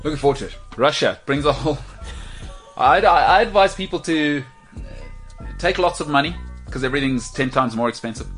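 A man's voice: fairly high pitch, normal speed, pauses often, fairly bright tone, faint music behind. A man hosting a podcast, bantering playfully and teasing his co-hosts. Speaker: show host.

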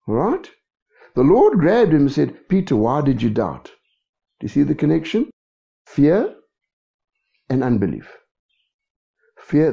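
A man's voice: on the high side, creaky, mellow. A man preaching a sermon, who keeps checking in with his congregation. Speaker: pastor. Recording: dull lo-fi recording.

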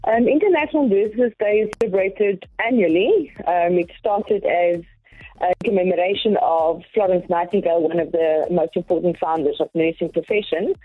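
A woman, a nursing lecturer, speaking in a measured, thoughtful way with frequent pauses as a phone-in guest on a morning radio show. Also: lowish voice, slightly rough, dry recording, faint music behind. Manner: measured, thoughtful, many ums. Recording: tinny phone line.

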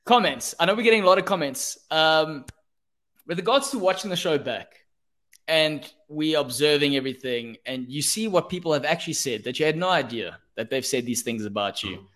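A man's voice: fairly high pitch, a little fast, a bit bright. Playful man hosting a podcast. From South Africa. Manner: friendly, playful, asks questions. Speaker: podcast host.

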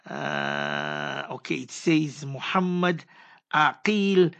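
A man's voice: medium pitch, huge pitch swings, drawn-out words, fairly bright tone, smooth, highs cut off. A man hosting a religious radio call-in show, reading out listener messages with pious, affectionate blessings.

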